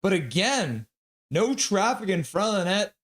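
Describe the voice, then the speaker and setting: A man calling hockey play-by-play on a fan livestream, brisk on the action and joking while reading chat. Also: sits high, sing-song, fairly bright tone. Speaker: play-by-play caller.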